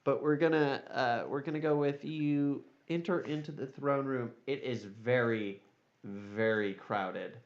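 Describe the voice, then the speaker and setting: A relaxed male game master who narrates slowly and casually, in a slightly muffled recording. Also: mid-range voice. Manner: casual, with frequent fillers.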